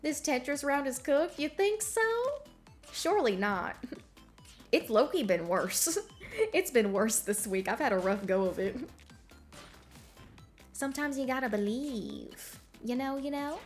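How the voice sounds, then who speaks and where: A woman's voice: high voice, expressive, a little slow, pauses often, soft background music. Giggly slangy woman streamer. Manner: bubbly, giggly, slangy chatter with chat. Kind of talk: casual stream chat while gaming.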